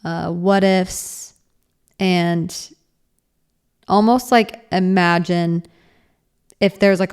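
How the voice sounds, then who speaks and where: A woman's voice: lowish voice, clear, resonant tone. Earnest young woman musing on a podcast. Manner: rambling, frequent "like" fillers, earnest. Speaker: podcast host. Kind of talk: casual reflective solo podcast.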